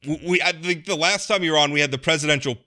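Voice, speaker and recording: A man hosting a casual political podcast chat. He talks in an animated way, often restarting and repeating words. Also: a little high, fast talker. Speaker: podcast host.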